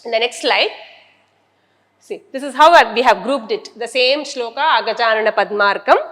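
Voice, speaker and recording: High-voiced woman teacher, echoey. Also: sharp tone. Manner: explains step by step, repeating key terms. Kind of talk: classroom lecture.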